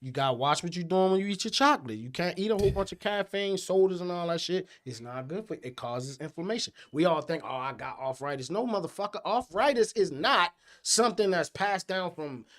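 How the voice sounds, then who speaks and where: A man, co-hosting a casual chat, profane and animated with loud outbursts. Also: sits high, fairly quick, hardly any pauses. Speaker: podcast co-host.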